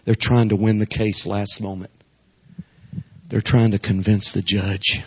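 A man, a traveling Pentecostal preacher, delivering a revival sermon emphatically, with lots of repetition and a husky voice. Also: on the low side, little pitch movement, measured pace. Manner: emphatic, repetitive, swings between hushed and raised. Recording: dull lo-fi recording.

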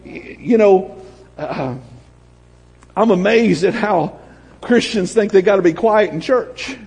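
A pastor with a high, husky voice preaches in a church sanctuary. His delivery swings from shouted exclamations to hushed storytelling. The sound has a long hall reverb trailing behind every phrase. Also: animated, slow pace. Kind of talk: sermon.

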